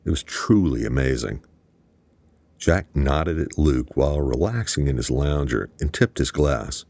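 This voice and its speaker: A male audiobook narrator with a very low, gravelly voice. He keeps a steady, matter-of-fact pace through the story. The recording is dry and close. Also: measured pace, dry recording. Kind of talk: scripted narration.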